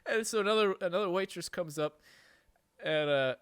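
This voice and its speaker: A man's voice: high-pitched, moderate pace, a bit bright, a little hiss or hum. A man telling a story on a podcast in a casual, rambling way, swearing and laughing often. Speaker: podcast host. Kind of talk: casual chat.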